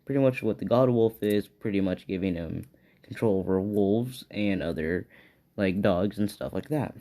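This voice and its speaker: A man's voice: on the low side, normal speed, creaky, dark tone. A man improvising a fan story aloud, rambling and hesitant as he thinks it up.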